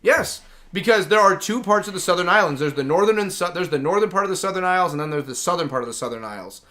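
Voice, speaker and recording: A man's voice: sits high, animated, fast, bright, forceful tone. A man hosting a gaming livestream, chatting casually and enthusiastically, rambling with lots of "like". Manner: rambling and enthusiastic, heavy use of "like". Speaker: livestream host.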